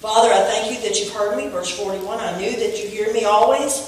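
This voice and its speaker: A woman preaching a sermon in church, telling a story and rising to shouts on key points. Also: mid-range voice, fairly quick. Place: church sanctuary. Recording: echoey room from far off.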